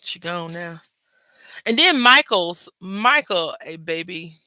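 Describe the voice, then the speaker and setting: A man's voice: sits high, lively intonation, takes it slowly, sharp tone, dry recording. A man hosting a crafting video, chatting playfully to viewers and telling gossipy stories while he works at his table. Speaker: craft channel host. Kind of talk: casual crafting chat.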